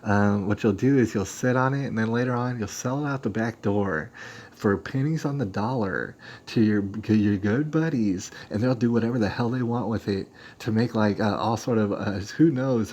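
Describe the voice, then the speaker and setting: A man's voice: medium pitch, normal speed, a little mellow. A man hosting a live stream, telling a story in a rambling, emphatic way and acting out what other people said. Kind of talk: casual storytelling rant.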